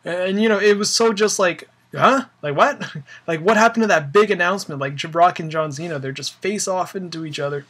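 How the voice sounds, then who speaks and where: A man's voice: high-pitched, fairly quick, fairly bright tone, slightly rough. A young man ranting casually about wrestling, rambling with lots of fillers and an exasperated tone. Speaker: wrestling fan vlogger. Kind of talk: casual opinion rant.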